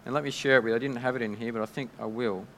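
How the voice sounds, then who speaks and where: Aussie pastor preaching, talks casual and stumbly, big hall reverb. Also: male voice, mid-range voice, steady tone, a bit bright, slight background noise. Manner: conversational, halting, with many restarts. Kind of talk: sermon.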